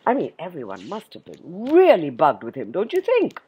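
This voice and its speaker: A woman reading a poem aloud to children in an expressive way, often stopping to ask her listeners questions. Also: sits low, moderate pace, hardly any pauses, slightly rough. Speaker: storyteller for children.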